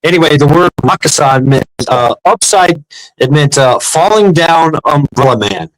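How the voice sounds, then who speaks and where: His voice is a little high, animated, and fairly bright, at a moderate pace, captured in a low-quality recording with no echo. A middle-aged man, he chats casually through meandering, profane stories with plenty of restarts.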